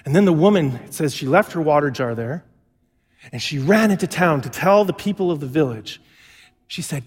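A man's voice: on the high side, animated, moderate pace, slightly rough. A male pastor preaching a sermon, telling stories and acting out the lines he quotes. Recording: long hall reverb.

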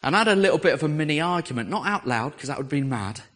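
Animated English man telling a sermon story. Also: fairly high pitch, rapid-fire. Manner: animated anecdotal storytelling, acts out quoted voices. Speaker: preacher.

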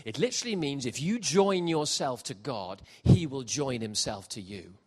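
A middle-aged man preaching a sermon, jokey and animated, shifting from quiet asides to loud shouts. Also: medium pitch, moderate pace, slightly rough. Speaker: pastor. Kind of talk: sermon with comic storytelling. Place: church hall with congregation.

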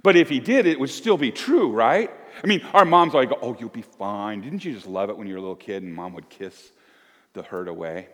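A man in his fifties preaching a sermon as pastor, conversational and swinging between loud emphasis and hushed asides. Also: mid-range voice, lively intonation, fairly quick, long reverb tail. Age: 50s. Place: church.

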